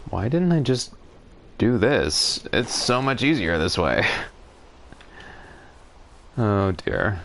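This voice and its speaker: A man's voice: on the low side, big pitch swings, slow pace, gravelly, long pauses, a bit bright, slight background noise. A man streaming a game, talking to himself in a casual, wry, musing way, congested from a cold. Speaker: gaming streamer. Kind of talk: casual solo gameplay commentary.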